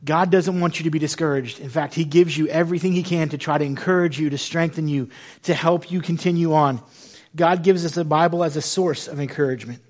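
A man in his thirties preaching a sermon in an animated, conversational way, with self-deprecating humor. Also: on the high side, fairly quick. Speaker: pastor.

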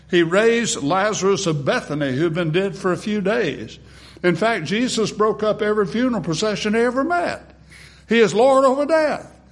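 A male preacher with a notably high voice delivers a sermon. His manner is rhetorical and theatrical, his voice climbing for emphasis and then sinking to soft, hushed phrases. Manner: dramatic, swings between booming emphasis and hushed near-whispers; rhetorical, acts out congregation replies. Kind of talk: sermon with opening prayer.

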